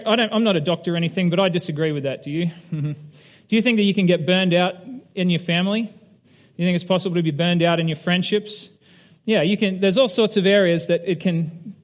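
Male pastor, fairly high voice, candid self-deprecating sermon talk, long hall reverb. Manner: candid, self-deprecating, asks the audience questions. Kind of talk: conversational sermon with personal story.

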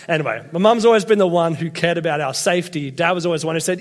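A man's voice: on the high side, expressive, racing, hardly any pauses. Chatty Australian young man preaching. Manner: chatty, self-deprecating storyteller. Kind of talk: casual sermon with personal stories. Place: church hall with congregation.

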